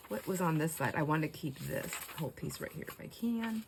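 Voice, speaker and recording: Middle-aged woman, low voice, chatty craft vlogger, laughs a lot, talks to viewers. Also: fairly quick, vocal fry, slightly rough. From United States. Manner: chatty storyteller, laughs often, asides to viewers. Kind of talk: casual chat while crafting.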